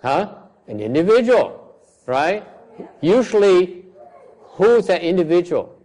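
A man whose first language is Vietnamese teaches a class, questioning his listeners bluntly. His voice sits at a middle pitch. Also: moderate pace, a little mellow. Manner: blunt, questioning, switches between English and Vietnamese. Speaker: Buddhist teacher.

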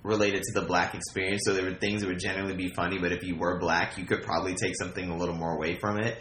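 A man's voice: low-pitched, little pitch movement, racing, fairly bright tone. A young man co-hosting a podcast, trading dry wisecracks and turning earnest when he reviews something. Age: young adult. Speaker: podcast co-host. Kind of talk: casual chat. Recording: roomy room with faint noise.

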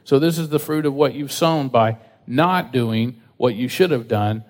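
A man preaching a sermon in a casual, conversational way, acting out quotes with lively voices. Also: medium pitch, unhurried. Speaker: pastor. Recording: reverberant hall.

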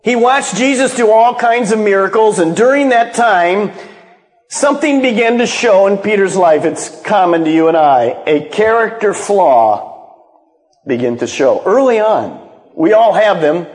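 Animated high-voiced male preacher in echoey hall. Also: a little slow. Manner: dramatic storyteller, acts out quotes. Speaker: pastor. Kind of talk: sermon. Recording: long reverb of a large hall.

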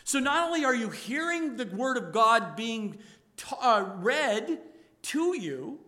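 A male pastor preaching a sermon to his congregation, emphatic and rising to loud exhortation. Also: very high voice, big pitch swings, takes it slowly.

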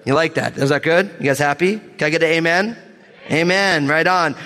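Male pastor, fairly high voice, lively joking sermon delivery, long church-hall reverb. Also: brisk. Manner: animated, joking asides, calls for amens. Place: church sanctuary.

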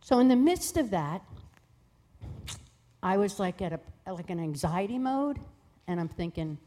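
A woman guest telling a personal testimony in a lively way, acting out the voices of people in her story. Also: mid-range voice, measured pace. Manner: lively, acts out voices in quoted dialogue.

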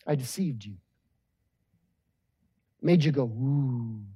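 Brief: preacher playing a stage magician who calmly admits it is a trick, low and quiet. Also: slow, husky. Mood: confiding. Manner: quiet, confiding, matter-of-fact.

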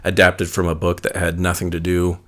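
A man's voice: low-pitched, completely flat delivery, normal speed, a bit bright. A man co-hosting a casual podcast in a laid-back way, chuckling often as he leads the segments. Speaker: podcast co-host. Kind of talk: casual chat.

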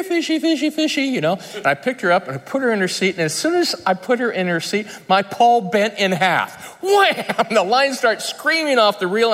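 Male preacher, bit higher voice, lively storytelling sermon, long hall reverb. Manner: storytelling with humor and laughter. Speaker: pastor. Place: large conference hall.

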